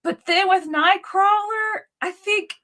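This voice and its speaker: A woman's voice: very high-pitched, slow pace, bright, forceful tone. A woman co-hosting a live chat show, chatting and reading out viewer questions. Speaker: co-host.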